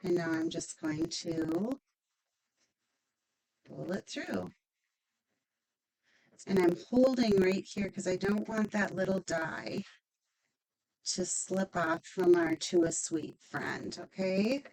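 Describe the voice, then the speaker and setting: A woman's voice: mid-range voice, sing-song, slow, darkish tone, poor audio. A woman demonstrating a stamping craft project, chatty and upbeat, thinking aloud as she works.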